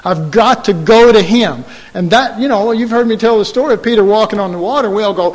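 A man preaching a sermon, telling a story in an animated way and acting out the voices of the people in it. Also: sits high, moderate pace, few pauses. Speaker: pastor. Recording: long hall reverb.

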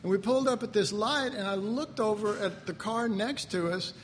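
An older pastor delivers a sermon in a homey, storytelling way, chuckling and clearing his throat as he goes. His voice sits fairly high for a man and rings with a long reverb, as in a church sanctuary, over a faint hum of ambience. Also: normal speed.

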